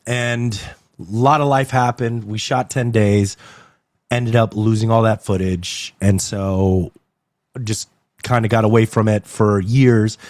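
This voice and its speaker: A man's voice: lowish voice, no room sound. Chatty man with a dry close sound. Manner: animated, rambling with fillers and laughs. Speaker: interview guest, actor and agency owner. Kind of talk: casual interview chat. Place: club venue indoors.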